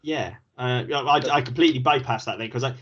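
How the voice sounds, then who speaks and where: Husky-voiced wry man. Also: mid-range voice, brisk, a bit bright, dull audio. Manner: wry, chatty, conversational asides. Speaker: podcast co-host. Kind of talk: casual film review chat.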